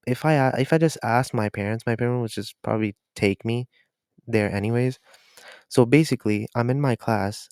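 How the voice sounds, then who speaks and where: A man's voice: medium pitch, a little mellow, no echo, studio quality. A teenage boy telling a story over gameplay in a chatty way, swearing a lot and saying "so basically" again and again. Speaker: storytime YouTuber. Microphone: voice-over for gameplay video.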